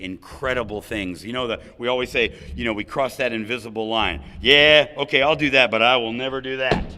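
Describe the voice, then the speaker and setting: A man's voice: lowish voice, bright, forceful tone. A man sharing his recovery story at a gathering, candid and funny, with asides to the audience. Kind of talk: personal recovery talk at a roundup. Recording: hall reverb.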